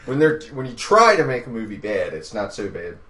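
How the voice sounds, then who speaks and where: A man's voice: lowish voice, huge pitch swings, a little fast, bright, forceful tone. A man co-hosting a podcast, chatting casually in short, agreeable replies and laughing along. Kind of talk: casual chat. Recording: echoey room, off the mic.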